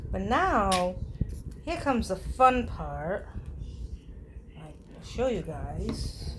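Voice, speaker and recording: Woman, chatty crafter, self-mocking, lively asides, mid-pitched voice, faint room hum. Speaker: crafter hosting a craft video. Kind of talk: casual crafting chat.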